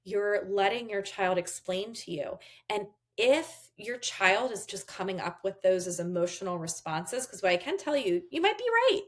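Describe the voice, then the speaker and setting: A woman's voice: mid-range voice, moderate pace, few pauses. A woman therapist giving parenting advice in an interview, explaining step by step and acting out what a parent and child might say. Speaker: therapist guest.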